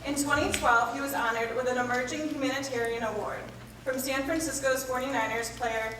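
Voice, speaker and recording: A woman's voice: high voice, fairly even intonation, fairly quick, a bit bright, slight background noise. Woman introducing from afar in a hall. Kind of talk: reading an introduction. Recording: very echoey hall, from far off.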